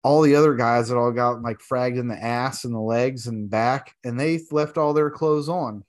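Profane, animated man telling war stories. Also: mid-range voice, normal speed. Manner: animated, profane, laughing storyteller. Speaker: military veteran. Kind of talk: casual war story.

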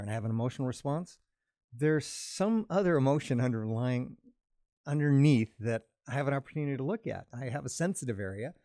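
A man talking calmly in a casual conversation, explaining his ideas at length in a reflective way. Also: mid-range voice, fairly quick, no room sound, studio quality. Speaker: podcast co-host.

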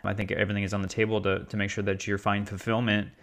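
Male host, lower pitch, calm interviewer. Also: quick pace, vocal fry. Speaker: podcast host. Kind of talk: casual interview.

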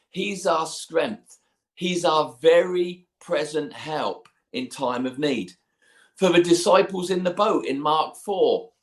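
Chatty, fairly high-voiced male preacher. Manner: conversational storytelling with asides and light laughs. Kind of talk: sermon.

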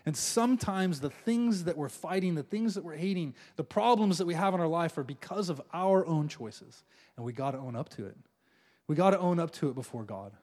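A man preaching a sermon as pastor, playful and animated, acting out the prayers of his listeners with little laughs. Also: fairly high pitch, a little fast.

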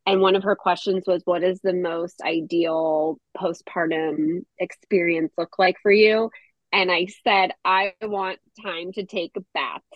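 A woman's voice: fairly low pitch, fairly even intonation, unhurried, no echo, dull audio. A woman guest on a podcast, a mother, talking in an earnest, reflective way and laughing easily. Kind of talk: casual podcast conversation.

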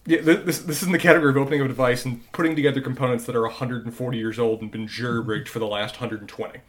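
Measured man analyzing a show. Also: medium pitch, steady tone. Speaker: podcast co-host. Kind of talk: casual recap chat.

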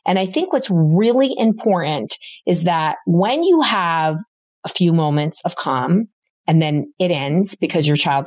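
Animated woman giving parenting advice. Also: sits low, no room sound. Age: middle-aged. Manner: animated storyteller, acts out quoted voices. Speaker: podcast host, parenting expert. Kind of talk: conversational advice talk.

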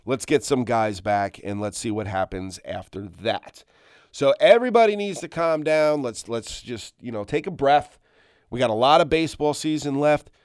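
A middle-aged man hosts his own podcast in an exasperated, emphatic rant, often repeating himself and swearing offhandedly. His voice sits at an ordinary pitch. The recording is dry, with no room echo. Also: expressive, moderate pace, clean tone. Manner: swears casually. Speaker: podcast host. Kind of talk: solo sports rant.

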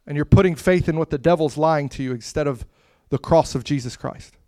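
A man preaching a sermon with impassioned delivery that swells to loud, emphatic peaks and drops to soft, hushed lines. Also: fairly high pitch, fairly quick, no room sound, clean studio sound.

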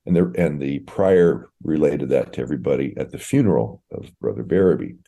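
A man in his sixties, a priest guest from Oregon, telling his story in a relaxed, folksy, anecdotal way. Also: very deep voice, a little fast, gravelly, breathy edge. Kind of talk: casual interview storytelling.

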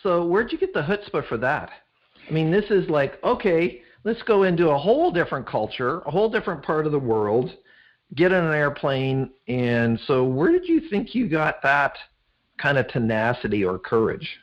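A man's voice: a little high, big pitch swings, normal speed. A man hosting an interview, asking curious questions in a playful, chatty way. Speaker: host. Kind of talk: conversational interview. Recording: dull lo-fi audio.

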